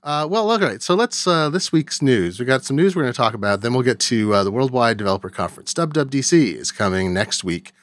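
Relaxed man in his forties hosting a podcast. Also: mid-range voice, quick pace, few pauses, no echo. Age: 40s. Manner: conversational, hesitant with frequent "uh" and "um". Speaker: podcast host. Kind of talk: casual chat.

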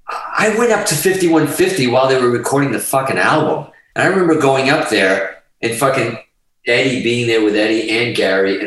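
Profane, animated man in a roomy room. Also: fairly low pitch. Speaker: guest guitarist. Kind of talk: casual podcast chat.

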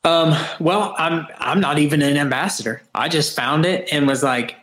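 A man's voice: a little high, normal speed, few pauses, a bit bright. A man guesting on a podcast, talking earnestly and reflectively in long runs with frequent restarts. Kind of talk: casual interview chat. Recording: roomy echo.

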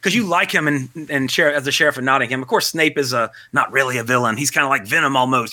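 A man's voice: medium pitch, fast talker, few pauses, sharp tone, no echo, clean studio sound. A man hosting a podcast in casual, rambling chat, joking at his own expense. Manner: rambling, self-deprecating, joking. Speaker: podcast host.

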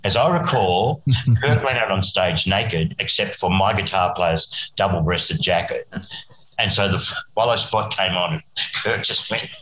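Lower-voiced Australian man telling stories. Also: bright, forceful tone, reverberant, low-quality recording. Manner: rambling storyteller, chuckles often. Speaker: musician guest. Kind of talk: casual anecdote telling.

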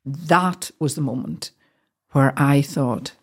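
A woman's voice: deep voice, unhurried. A woman with a Northern Irish accent, a guest recounting a personal story in an earnest, heartfelt way, often restarting her sentences.

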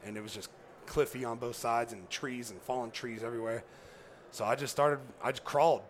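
Guest, male, rapid storyteller, rambling and animated, reenacts dialogue. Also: medium pitch. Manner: animated, acts out quoted dialogue; rambling, lots of fillers like "right?" and "you know". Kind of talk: casual storytelling on a podcast.

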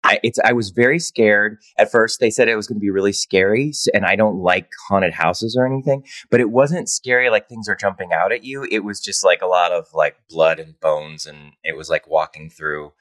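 A man's voice: lowish voice, normal speed, hardly any pauses, a bit bright, dry recording. A man chatting as a guest co-host on a podcast, telling a story with plenty of ums and uhs. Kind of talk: casual podcast chat.

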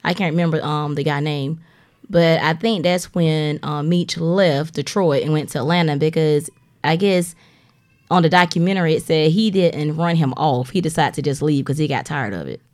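A woman's voice: deep voice, moderate pace, a little mellow. A woman co-hosting a casual podcast chat, talking things through in a laid-back way with lots of "you know.". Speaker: podcast co-host.

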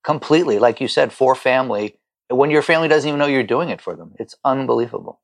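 A middle-aged man with a gravelly edge to his voice talks as a guest on a podcast call. He is heartfelt and keeps catching on repeated words when the feeling gets to him. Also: medium pitch, expressive, fast. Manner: heartfelt, stammering repetitions when moved. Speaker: chef and restaurant owner, guest. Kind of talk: emotional podcast conversation.

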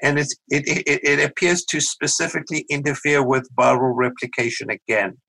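A middle-aged man with a South African accent, a physician guest explaining medical ideas in a measured, patient way on a podcast interview. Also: fairly high pitch, fairly even intonation, gravelly, sharp tone, poor audio. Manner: measured, explanatory, with small restarts.

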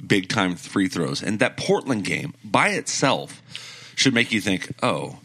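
Bright, animated man talking sports. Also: lowish voice, a little slow, slightly rough. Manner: opinionated, explains at length. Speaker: podcast co-host. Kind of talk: casual sports chat.

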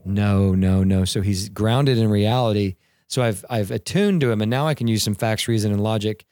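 A man in his thirties, podcast co-host and father, telling parenting stories in an animated way and acting out quotes. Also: on the low side, normal speed, no room sound, studio quality. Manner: animated storyteller, acts out quotes, laughs. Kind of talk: casual podcast conversation on parenting and mentoring.

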